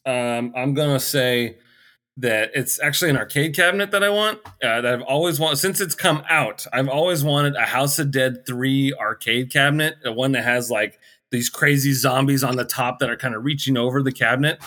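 A man's voice: medium pitch, normal speed, sharp tone. A man chatting as a podcast guest, giggly and jokey, going off on rambling comic rants. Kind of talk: casual chat.

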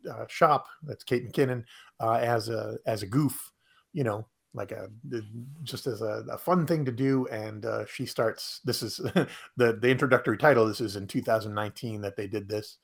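A man co-hosting a casual podcast, recapping a comedy sketch with many pauses and fillers. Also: lowish voice, gravelly, breathy edge. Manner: hesitant, lots of fillers. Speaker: podcast co-host. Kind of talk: casual chat.

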